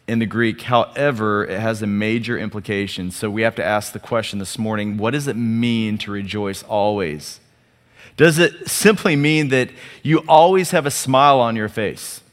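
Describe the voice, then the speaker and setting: A man's voice: fairly low pitch, in a large hall. A man preaching a sermon as pastor, talking conversationally with rhetorical questions and calls for the congregation to answer. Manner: conversational, rhetorical questions, audience call-and-response.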